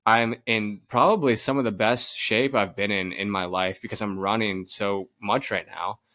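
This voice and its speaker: A young adult man with a slightly low voice chats on a podcast. He tells stories animatedly, stumbling and restarting as he goes, in an easy, casual way. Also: moderate pace. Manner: animated storytelling, frequent laughs and restarts. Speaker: podcast co-host. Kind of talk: casual chat.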